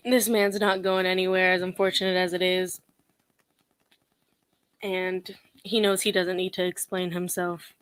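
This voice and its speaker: A woman's voice: lowish voice, flat delivery, measured pace, pauses often, smooth, no echo. Sassy, laughing young woman vlogger. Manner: sassy, laughing, blunt and mocking. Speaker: commentary vlogger. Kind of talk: casual commentary chat.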